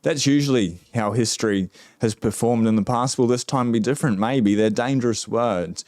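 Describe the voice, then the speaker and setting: A man's voice: mid-range voice, moderate pace, a little mellow, no echo, studio quality. A man with an Australian accent hosting a casual livestream, chatting with viewers and reading their comments in a laid-back, slangy way. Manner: laid-back, drawling, slangy, with many fillers. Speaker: livestream host.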